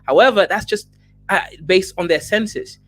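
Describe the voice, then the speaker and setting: A man on a livestream panel talking through ideas in an easygoing, musing way, often agreeing with others and trailing off softly. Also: high-pitched, moderate pace.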